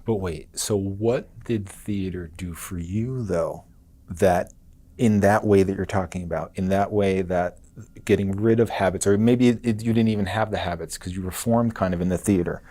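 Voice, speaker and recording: A man hosts a casual podcast, nudging his guest along with quick yeahs and curious follow-up questions. His voice is low and mellow, with a warm, dark tone. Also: steady tone. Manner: attentive listener, quick affirmations and laughs. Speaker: podcast host.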